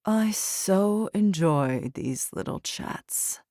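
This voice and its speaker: A woman playing an elegant, smug male villain with a silky smooth voice. He drawls slowly and taunts, relaxed and dangerous. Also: a little high, dry recording, studio quality.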